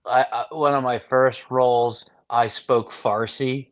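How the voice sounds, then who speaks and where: A man guest on a casual podcast, talking in an animated way, swearing freely and filling with "like.". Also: mid-range voice, unhurried, no echo. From Northern California. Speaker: actor guest.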